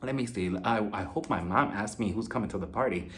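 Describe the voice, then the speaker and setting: A man voicing a scheming woman who plots under her breath in a hushed, conspiratorial tone. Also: lowish voice, a little fast, voice pushed down, lightly acted.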